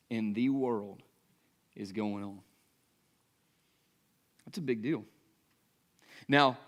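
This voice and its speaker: A pastor in his thirties delivering a sermon in a relaxed, talk-it-through way, peppering his points with rhetorical questions and quick check-ins with the crowd. His voice sits at an ordinary middle pitch for a man. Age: 30s. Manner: conversational preaching with rhetorical questions and frequent "right?".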